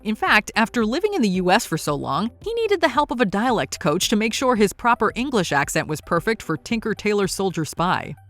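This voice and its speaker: A woman doing upbeat, brisk scripted countdown narration. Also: medium pitch, very animated, a bit bright, soft background music.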